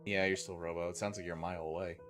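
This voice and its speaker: Lowish-voiced streamer dude on a headset, swearing casually, thanking chat. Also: male voice, level tone, racing, over music. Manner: loose and profane, thanks viewers, talks with a guest on a call. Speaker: streamer host.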